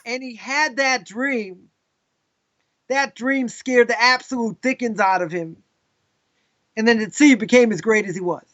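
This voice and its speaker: A man, a rabbi, teaching a live class in a casual, animated way, telling stories with lots of asides. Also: very high-pitched, measured pace, pauses often, muffled recording. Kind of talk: live lesson with storytelling.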